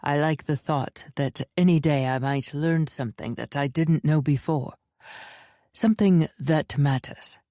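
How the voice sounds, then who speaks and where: A terse young soldier guard. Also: female voice, sits low, measured pace, dark tone, no echo, studio quality. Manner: brief, guarded replies. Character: reserved young male temple soldier from the islands.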